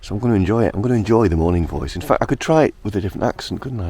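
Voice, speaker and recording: Male vlogger; deep, hoarse morning voice, relaxed chatty delivery to camera. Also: very fast, hardly any pauses. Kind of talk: casual outdoor vlog narration. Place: outdoors on open moorland.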